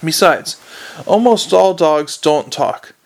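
A male audiobook narrator reading a comic fantasy novel with a dry storytelling manner. His voice sits a touch high with a gravelly fry. The reading is steady and plain. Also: takes it slowly.

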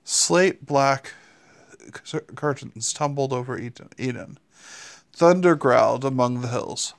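A man's voice: medium pitch, takes it slowly, creaky. A man reading a novel aloud in a plain way, with small slips and restarts. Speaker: reader.

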